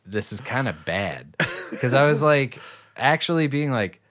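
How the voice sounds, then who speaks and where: A man chatting casually and spinning out a long, rambling anecdote, full of swearing and bursts of laughter. His voice sits at an ordinary middle pitch. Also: animated, measured pace, a bit bright. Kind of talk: casual chat.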